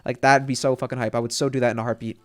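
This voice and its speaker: A young man, a streamer, telling a casual story in an excitable, profane, rambling way. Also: mid-range voice, racing.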